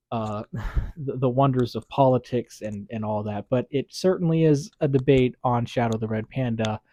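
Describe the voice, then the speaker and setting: A male YouTube commentator talking through a story in a casual, rambling way, full of fillers and restarts. His voice is mellow and dark in tone. It is recorded dry on a close mic with no room sound. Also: medium pitch, no echo.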